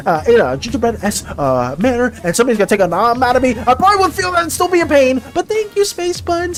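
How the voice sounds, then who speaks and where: An art streamer chatting casually with viewers during a live stream, full of playful mock outrage and chatty filler. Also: high voice.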